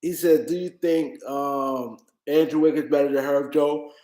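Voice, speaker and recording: A man's voice: fairly high pitch, fairly even intonation, measured pace, warm tone, echoey room, poor audio. A tired man hosting a casual livestream, rambling and repeating himself as he talks to his chat. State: tired, yawning. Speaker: livestream host.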